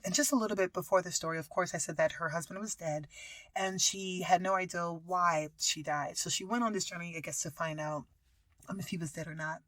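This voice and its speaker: A woman hosting a podcast, telling a story in a casual, animated way and often dropping into whispers. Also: fairly low pitch, dry recording. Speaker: podcast host.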